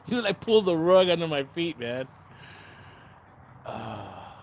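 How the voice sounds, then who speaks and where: A man's voice: on the high side, sing-song, moderate pace, a little hiss or hum. A man hosting a casual livestream, chatting to viewers in the comments, sarcastic and rambling, swearing freely and often losing his train of thought. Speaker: livestream host.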